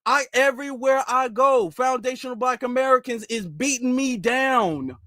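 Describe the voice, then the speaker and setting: A man playing a grown rapper who keeps complaining that he is being beaten everywhere. The voice is fairly high and whiny, recorded close with no room echo. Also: normal speed, fairly bright tone. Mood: whining. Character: grown man rapper, whining about losses.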